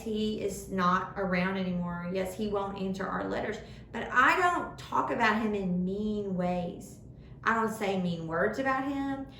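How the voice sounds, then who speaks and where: Young woman, lively kids' church teacher, higher voice, echoey room, distant mic. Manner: animated, speaks simply to children, acts out voices. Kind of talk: kids' sermon. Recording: echoey room, far from the mic, faint noise.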